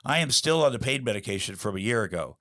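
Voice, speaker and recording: Middle-aged male guest, rambling storyteller, plenty of ums and restarts, even mid-range voice. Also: medium pitch, fast. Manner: rambling, many fillers and restarts, acts out quotes. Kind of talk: candid storytelling interview.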